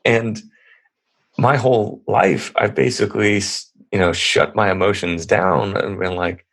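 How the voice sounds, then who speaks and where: A man's voice: fairly low pitch, steady tone, a little slow, fairly bright tone. A man in his thirties, a podcast guest, telling stories in a rambling, earnest, casual way. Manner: rambling, earnest, lots of restarts. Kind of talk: casual conversational storytelling.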